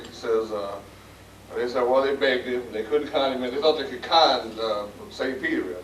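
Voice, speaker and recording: A man's voice: medium pitch, moderate pace, slight background noise. A man with a Midwestern American accent giving a folksy, self-deprecating acceptance speech full of jokes in a banquet room. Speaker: award recipient giving a speech. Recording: echoey hall taped from far off, loud crowd. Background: crowd murmur and laughter.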